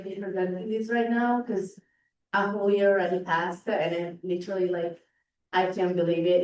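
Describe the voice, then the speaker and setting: Brief: teen exchange student from Italy, chatty filler-heavy talk, far-off roomy room sound. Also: female voice, medium pitch, a little mellow, lo-fi sound. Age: teens. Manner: chatty, lots of "like" and "um". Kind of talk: informal presentation to a club. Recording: roomy hall sound, distant mic.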